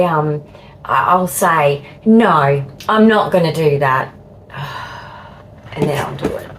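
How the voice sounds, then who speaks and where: Australian woman, fifties, casual vlog, slow unhurried pace, halting repetitive delivery, faint room hum. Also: lowish voice, fairly bright tone, low-quality recording. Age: 50s. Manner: slow, halting, repeats words, cheeky asides. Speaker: vlogger. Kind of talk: casual talk to camera.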